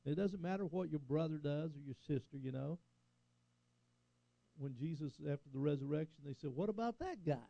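An older man preaching from the pulpit, his voice gravelly and mellow. He swells and drops for emphasis and keeps asking the room for an "Amen?". The sound is dry and a little dull, as from a dull, lo-fi recording. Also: fairly high pitch, fairly even intonation, a little fast, pauses often, no echo. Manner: preaching, rising and falling emphasis, call-and-response "Amen?". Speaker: pastor. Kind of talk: sermon.

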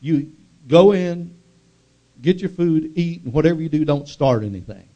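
Give me a small-town sheriff, as a man puts him on, speaking firmly and patiently. The voice sits a little higher than the teller's own, steady and calm. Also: normal speed, dull audio, close to an everyday voice.

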